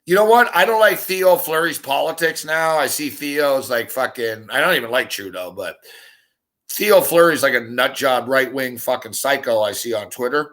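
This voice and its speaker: A man hosting a sports talk show, ranting heatedly in a profane monologue full of rapid rhetorical questions. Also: medium pitch, a bit bright.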